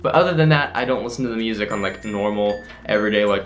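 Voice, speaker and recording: A man's voice: on the low side, fast talker, faint music behind. A teenage boy telling his school day in a casual video diary, chatty and full of "like". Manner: chatty, full of "like", acts out classmates' lines. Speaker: vlogger.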